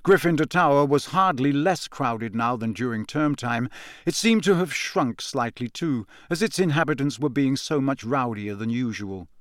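A man narrating an audiobook in a measured, even storytelling manner. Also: mid-range voice, no echo. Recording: dry close studio sound.

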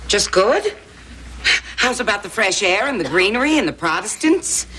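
In a sitcom, an actress plays an older woman, a pushy and doting neighbor who teases her guests and feeds them. Her mid-range voice moves at normal speed with an animated, teasing, lightly acted delivery over background noise.

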